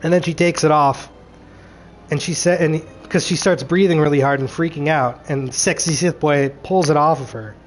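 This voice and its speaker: A man's voice: a little high, moderate pace. A man rambling through a show recap, exasperated and sarcastic, swearing freely as he picks apart the plot.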